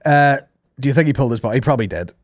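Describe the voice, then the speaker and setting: A man's voice: medium pitch, lively intonation, rapid-fire, no echo, clean studio sound. A man hosting a comedy podcast, telling stories in casual, sweary banter and slipping into mock voices. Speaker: podcast host.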